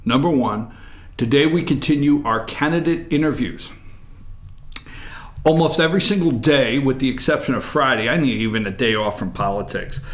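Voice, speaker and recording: A man's voice: mid-range voice, moderate pace, echoey room. A man hosting a casual morning opinion show from a studio, rambling and joking irreverently.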